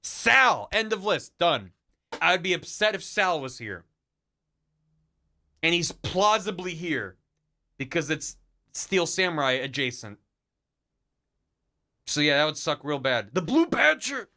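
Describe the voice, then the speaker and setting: A man's voice: on the high side, lively intonation, slow pace, long pauses, pushed and bright. A man streaming a game, chatting casually with jokes and the odd swear, over game music. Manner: joking, rambling, swears.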